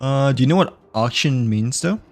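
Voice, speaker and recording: A man's voice: mid-range voice, expressive, normal speed. A man giving casual gameplay commentary, rambling with many fillers and little chuckles. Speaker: gamer.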